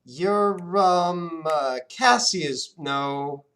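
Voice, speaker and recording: A man's voice: a little high, drawn-out words, a bit bright, voice pushed up. A man voicing a boastful, forgetful blue-skinned genasi man who rambles through guesses. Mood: flustered guessing.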